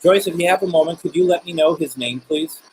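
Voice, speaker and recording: A man hosting a live spirit box stream, talking gently with viewers and politely calling on spirits. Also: on the high side, fairly quick, noisy background.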